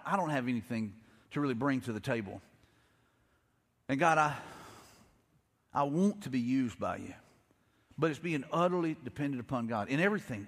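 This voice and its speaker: A middle-aged man, preaching a conversational sermon, telling stories and acting out quotes with quick repeats. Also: medium pitch, a bit bright, long reverb tail. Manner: storytelling, acts out quotes, frequent repeats. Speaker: pastor.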